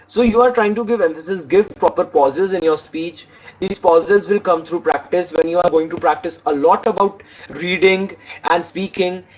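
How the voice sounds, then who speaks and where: A man with a high voice and a darkish tone, its highs cut off, gives an online speaking lesson. This English speaking teacher reads lines aloud to demonstrate tones, pausing now and then to correct himself.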